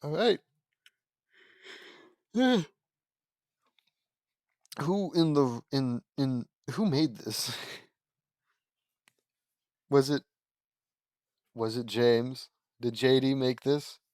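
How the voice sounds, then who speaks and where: This man has a mid-range, slightly mellow voice and talks extremely slowly, leaving long pauses, with no room sound in the recording. He's an audiobook reader and commentator giving a casual read-aloud of a fan story, interrupted by meandering asides in which he corrects himself.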